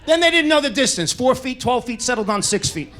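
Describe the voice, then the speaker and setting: A man doing stand-up storytelling, shouting punchlines and acting out the people in his stories. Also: extremely high pitch, brisk, some chatter behind, slight background noise. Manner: animated, shouts punchlines, acts out characters. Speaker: stand-up comedian. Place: comedy stage.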